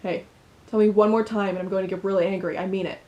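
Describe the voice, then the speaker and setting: A woman's voice: medium pitch, steady tone, quick pace, mellow, dull audio, lightly acted. A woman voicing a firm, caring young man who is the love interest in a story game. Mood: stern.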